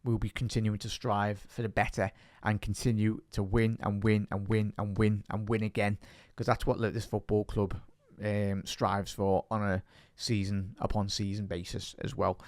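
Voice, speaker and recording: A man's voice: fairly low pitch, little pitch movement, moderate pace, hardly any pauses, a little mellow, dry recording, studio quality. A man with a Liverpool Scouse accent hosting a fan podcast, talking casually and passionately, rambling and often repeating himself.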